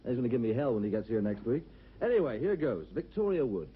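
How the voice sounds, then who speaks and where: A man's voice: mid-range voice, big pitch swings, fast talker, husky, narrow, tinny audio. A man giving a rambling, hesitant critique as a talent show judge, on worn 1970s VHS TV audio. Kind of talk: panel critique.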